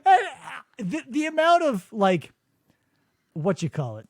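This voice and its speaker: Podcast host, male, high lively voice, mocking riffs, dry studio sound. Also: slow pace, no echo. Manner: animated, mocking impressions. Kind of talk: casual comedic chat. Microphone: studio mic.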